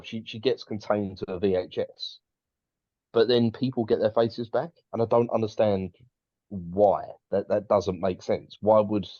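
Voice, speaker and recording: Low-voiced rambling man. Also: dark tone, no room sound. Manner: rambling, many restarts. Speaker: podcast co-host. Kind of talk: casual chat. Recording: dull dry recording.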